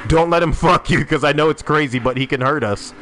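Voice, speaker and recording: Profane, animated male game streamer. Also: fairly high pitch, a little fast. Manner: loud, profane, swearing constantly; animated, talking to teammates and chat. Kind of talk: casual live-stream chat while gaming.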